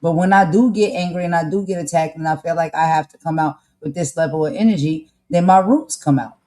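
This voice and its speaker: A woman's voice: low voice, fairly quick, warm tone. A woman with a New Jersey accent tinged with North Carolina, speaking emphatically as a podcast co-host in casual commentary. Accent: New Jersey with a touch of North Carolina. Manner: emphatic, fired-up, uses "y'all" and "okay?".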